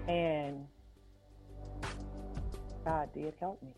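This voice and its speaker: A woman speaks slowly and earnestly in a podcast interview, leaning on repeated phrases. Her voice has a gravelly edge. It comes through a thin, phone-like line with faint music underneath. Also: deep voice. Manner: slow, earnest storytelling with repetition. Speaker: author and life coach. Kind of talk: podcast interview, personal story.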